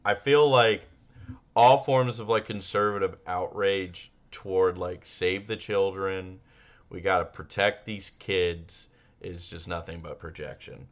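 A man's voice: sits low, a little slow, highs cut off. A man co-hosting a casual comedy podcast, telling stories and acting out the quotes. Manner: animated storyteller, acts out quotes. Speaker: podcast co-host.

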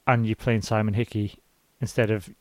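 A man's voice: on the low side, level tone, moderate pace, a little mellow, dry recording. A man hosting a casual rugby podcast, rambling with many restarts. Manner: rambling, stop-start, restarts often. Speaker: podcast host. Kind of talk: casual chat.

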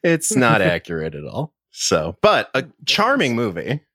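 A man's voice: medium pitch, huge pitch swings, a little slow, sharp tone, no echo, clean studio sound. A man hosting a podcast, chatting easily and with amusement about films. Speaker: podcast host. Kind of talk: casual chat.

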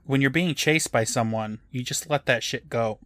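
A man co-hosting a podcast, recapping an episode in a dry, deadpan way with jokes. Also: medium pitch, moderate pace, no echo. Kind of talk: casual recap chat.

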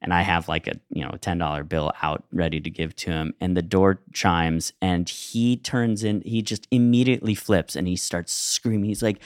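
A man's voice: deep voice, moderate pace, few pauses, dry recording, clean studio sound. A man co-hosting a podcast, telling a rambling anecdote in casual chat and laughing as he goes. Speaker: podcast co-host.

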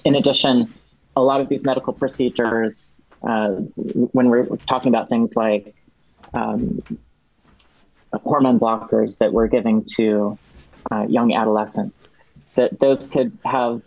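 Halting man explaining policy, dull lo-fi. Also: medium pitch, fairly even intonation, a little mellow, no echo. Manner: halting, many restarts and fillers. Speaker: guest. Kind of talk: explaining policy in a podcast chat.

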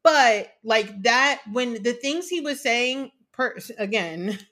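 Woman guest on a pod, high bright voice, laughs a lot, swears. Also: slow pace. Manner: animated, laughs often, swears freely. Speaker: podcast guest. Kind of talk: casual chat.

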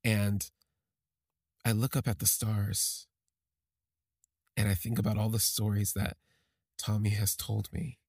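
A man telling a personal story on a podcast, halting and emotional, with many restarts. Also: lowish voice, little pitch movement, a little mellow, no echo, studio quality.

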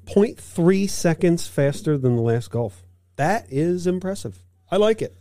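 Lively podcast host with a mellow voice. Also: male voice, fairly high pitch, measured pace, dry recording, clean studio sound. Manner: reads news items with playful asides. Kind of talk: casual car-news chat.

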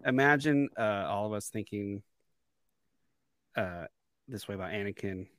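A man co-hosting a casual fan podcast, talking excitedly, stumbling over repeated words and laughing often. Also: on the low side, a little slow, no room sound. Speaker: podcast co-host.

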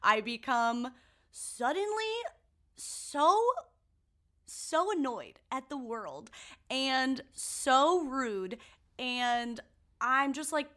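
A woman co-hosting a casual chat podcast, telling stories as animated, swearing rants. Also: fairly high pitch, takes it slowly. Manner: animated ranting storyteller, swears freely. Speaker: podcast co-host.

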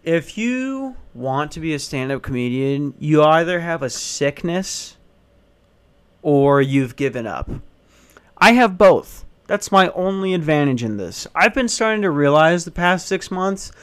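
A young man with a slightly higher-than-usual voice talks in a loose, rambling comic monologue. His humor is dark, crude and self-deprecating, the voice of someone working toward stand-up. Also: big pitch swings, measured pace, clean tone. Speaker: aspiring stand-up comedian.

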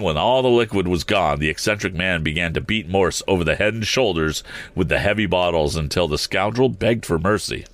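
A man narrating an adventure story aloud at a steady pace, with small slips that he corrects as he goes. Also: sits low, no echo. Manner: steady reading with occasional slips and restarts. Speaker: audiobook reader.

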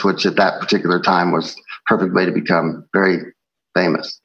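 A man speaking as a musician guest in a casual interview, telling stories in a relaxed way with many fillers and restarts. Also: sits low, normal speed. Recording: slightly dull, faint background noise.

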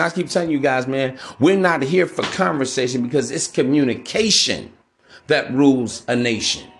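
A man hosting a podcast, giving relationship advice in a casual, profane, preachy monologue that keeps calling his listeners bro. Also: on the high side. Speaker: podcast host.

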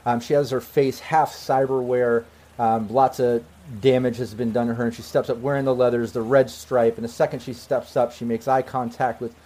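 A man running a tabletop game, narrating the scene in a loose, easy way with plenty of ums. His voice sits at an ordinary middle pitch. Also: normal speed, a little hiss or hum. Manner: relaxed, filler-heavy narration. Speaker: game master.

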